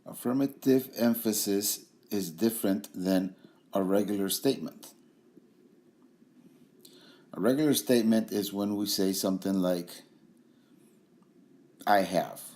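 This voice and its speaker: A man explaining language points as a trainer, relaxed, slowly repeating example phrases with fillers. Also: fairly low pitch. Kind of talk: instructional explanation.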